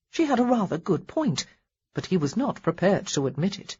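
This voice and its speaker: A woman narrating an audiobook in a wry, expressive storytelling manner. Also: fairly low pitch, normal speed, husky, highs cut off. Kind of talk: scripted narration.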